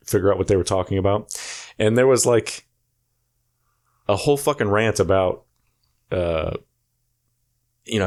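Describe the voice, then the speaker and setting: A man's voice: lowish voice, a little mellow. A young man co-hosting a podcast, chatting loosely with lots of swearing and joking asides. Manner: loose, profane, jokey with bursts of silly impressions. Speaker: podcast co-host. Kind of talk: casual chat.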